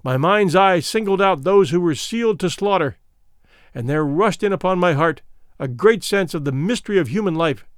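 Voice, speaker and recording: High-voiced man reading an adventure novel. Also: no room sound, studio quality. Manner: measured, reflective storytelling. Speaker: audiobook narrator. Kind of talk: first-person literary narration.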